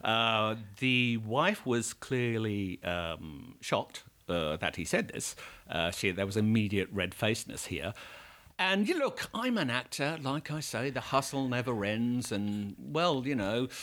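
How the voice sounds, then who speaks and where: A man with an Australian accent, a guest actor telling stories in casual podcast chat with a wry, deadpan manner. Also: mid-range voice, measured pace.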